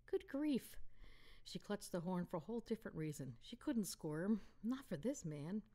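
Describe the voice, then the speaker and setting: A woman author reading aloud from her romance novel in a calm, intimate manner. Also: medium pitch, normal speed. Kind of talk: audiobook narration.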